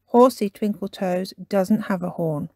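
A woman reading a storybook aloud and voicing a quiet little girl sheep who speaks gently and politely. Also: medium pitch, measured pace, no room sound, studio quality, natural voice.

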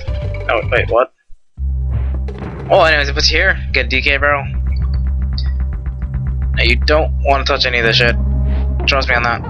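A young man giving casual gameplay commentary, rambling, swearing often and yelling at the game. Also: mid-range voice, low-quality recording. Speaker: let's play host.

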